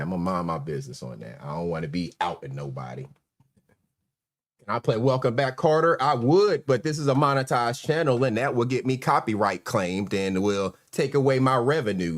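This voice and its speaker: A man with a North Carolina accent hosting a casual live stream, relaxed and chuckling as he greets viewers. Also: mid-range voice. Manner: laid-back, chuckling, shout-outs to viewers. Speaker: livestream host.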